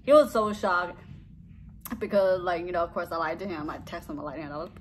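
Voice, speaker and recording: A woman's voice: lowish voice, quick pace, a little hiss or hum. Rambling, giggly young woman vlogger. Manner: rambling, giggly, trails off with blah blah blah. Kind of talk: casual storytime chat.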